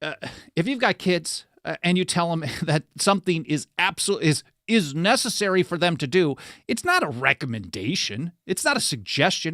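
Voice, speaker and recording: A man's voice: high-pitched, a bit bright, no room sound, clean studio sound. A man hosting a talk show, explaining history in a conversational way, reading quotes aloud with frequent fillers and self-corrections. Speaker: podcast host.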